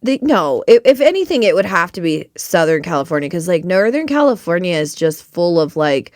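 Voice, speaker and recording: A woman's voice: lowish voice, big pitch swings, fairly quick, darkish tone, no room sound, studio quality. A young woman from Reno co-hosting a podcast in casual chat, blunt and profane, slipping into mimicked accents. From Reno, Nevada. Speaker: podcast co-host.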